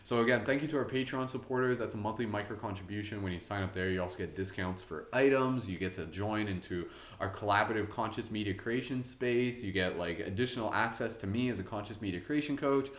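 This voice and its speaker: A man's voice: lowish voice, fast talker. A man hosting a live-streamed guided meditation in a chatty, upbeat, loose way. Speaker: meditation host. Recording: roomy echo.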